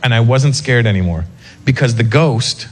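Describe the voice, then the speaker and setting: A man doing a stand-up comedy set, telling a story with lively put-on voices. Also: mid-range voice, moderate pace. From North America.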